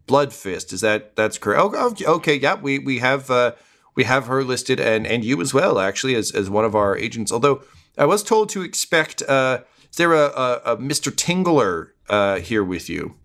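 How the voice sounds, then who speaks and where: A man's voice: medium pitch, a bit bright. A man voicing a flustered, rambling female dock master. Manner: hesitant, rambling, teasing.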